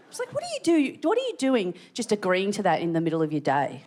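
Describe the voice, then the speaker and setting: Aussie woman doing stand-up in a theatre, bouncy pitch, squeals when quoting people, faint room hum. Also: fairly quick, some chatter behind. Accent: Australian. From Australia. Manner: animated storytelling with shrieked acted-out quotes. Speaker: stand-up comedian. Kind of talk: stand-up comedy set. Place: large theatre stage. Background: audience laughter.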